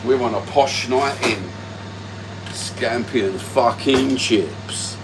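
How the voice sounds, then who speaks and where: A man's voice: medium pitch, slow. Man, crude sweary banter, casual livestream, phone mic, noisy air-conditioned room. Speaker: livestream host. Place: at home.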